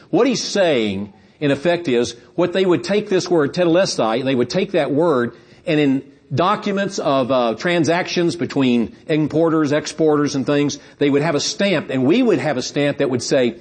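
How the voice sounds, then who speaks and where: A man's voice: fairly high pitch, expressive, moderate pace, darkish tone, breathy edge. A man preaching a sermon, earnest and explanatory, often repeating words as he builds toward emphatic points.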